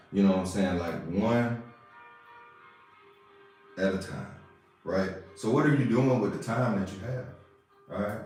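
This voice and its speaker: A man's voice: on the low side, measured pace, pauses often, a little mellow. Echoey man preaching casually to listeners. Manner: casual, preachy, repeats phrases, asks "you see what I'm saying". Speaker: podcast host. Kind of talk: motivational monologue. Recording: roomy echo with faint music.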